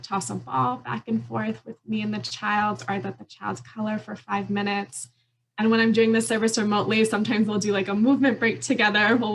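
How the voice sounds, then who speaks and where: A woman's voice: mid-range voice, slight background noise, rough recording. A woman lawyer giving an earnest, explanatory conference presentation with occasional fillers. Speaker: immigration attorney.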